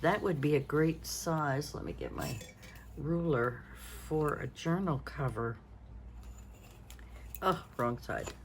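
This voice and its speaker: A woman's voice: deep voice, sing-song, takes it slowly, pauses often, a little hiss or hum. A woman in her sixties, chatting casually as a craft vlogger, rambling and thinking aloud, tired and yawning. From Canada. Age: 60s. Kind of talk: casual show-and-tell chat.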